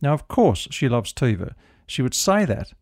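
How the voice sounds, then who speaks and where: A middle-aged man, a minister, giving a gentle radio devotional talk into a studio microphone. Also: medium pitch, very animated, moderate pace, breathy edge, no echo. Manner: gentle storytelling, prayerful close.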